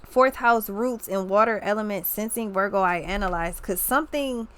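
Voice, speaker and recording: A woman's voice: mid-range voice, normal speed, fairly bright tone. A young woman giving a casual tarot reading, rambling and emphatic, with slang and many restarts. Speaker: tarot reader.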